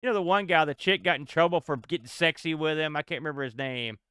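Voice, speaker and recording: A man streaming retro games live, reacting loudly with yelps, groans and frequent laughter as he plays. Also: a little high, fast talker, clean tone, no echo, studio quality. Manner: excitable, yelps and groans at the game, laughs often. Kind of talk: excitable live gameplay commentary.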